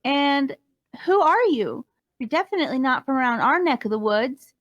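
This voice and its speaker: A woman's voice: high voice, lively intonation, moderate pace, dry recording, highs cut off. A woman voicing a shy young prairie girl in a comedic live reading of fan fiction. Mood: timid.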